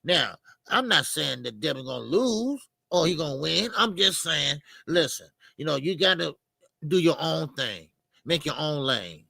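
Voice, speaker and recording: Gravelly, blunt boxing-talk man. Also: fairly high pitch, expressive, a little slow, pushed and bright, dry recording. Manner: blunt, repetitive, heated. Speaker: boxing commentator. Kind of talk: casual boxing debate.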